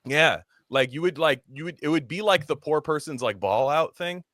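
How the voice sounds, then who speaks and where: A man's voice: on the high side, normal speed, fairly bright tone, no room sound, studio quality. A man co-hosting a podcast, talking in a rambling, profane way and slipping into mocking voices. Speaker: podcast co-host. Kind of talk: casual chat.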